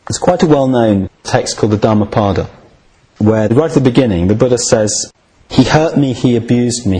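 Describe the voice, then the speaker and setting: A man's voice: medium pitch, mellow, breathy edge, poor audio. A man giving a lecture with dry, wry humour. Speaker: lecturer on Buddhism.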